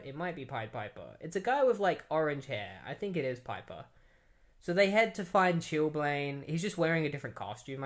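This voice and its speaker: A man's voice: mid-range voice, a bit bright. Rambling man recapping comics. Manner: rambling, heavy use of "like" and "um". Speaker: comic book reviewer. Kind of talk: casual plot recap.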